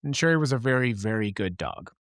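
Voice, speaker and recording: A man's voice: mid-range voice, animated, fairly quick, a bit bright, no room sound, clean studio sound. A middle-aged man from Wyoming hosting a late-night show, telling personal stories in an earnest, impassioned monologue. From Wyoming, USA. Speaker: podcast host.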